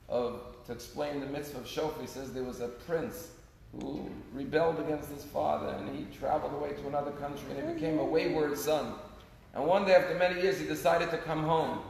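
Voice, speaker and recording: This rabbi's sermon is delivered in a somewhat high, darkish voice with vocal fry. He narrates stories with earnest feeling, getting louder and softer by turns, while the synagogue sanctuary adds long, echoing reverb and slight noise.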